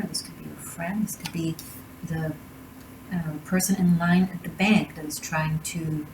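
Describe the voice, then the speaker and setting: Woman tarot reader with a lower voice, blunt and emphatic, recorded in an echoey room with clear background noise. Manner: blunt, emphatic advice-giving. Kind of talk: tarot reading monologue.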